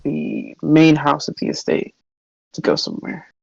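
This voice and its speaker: A woman's voice: low-pitched, a little slow, gravelly, darkish tone, slightly rough, no echo, dull audio. A woman narrating casually as game master in a tabletop game. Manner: casual, loose, profane.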